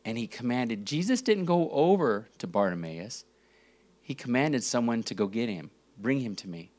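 A man preaching a sermon, reading scripture verses and asking rhetorical questions, with big dramatic swings in pitch and volume. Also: expressive, normal speed, a little mellow. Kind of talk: sermon teaching.

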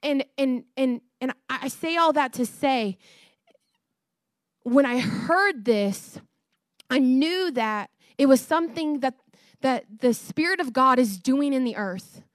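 A woman preaches with rising fervor, her high voice pushing toward a shout at its peaks. She laughs between points and talks straight to the congregation. The sound is dry and close, with no room around it. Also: lively intonation, takes it slowly, no echo. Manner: passionate, rising to near-shouting, laughs often. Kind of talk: sermon.

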